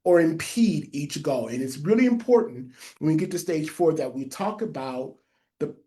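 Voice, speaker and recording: A man with a lisp presents a training webinar in a mellow, warm tone. He leans on key phrases and says them twice so listeners can note them down. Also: fairly high pitch, animated, normal speed. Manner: emphatic, repeats key phrases for note-takers. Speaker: public health trainer.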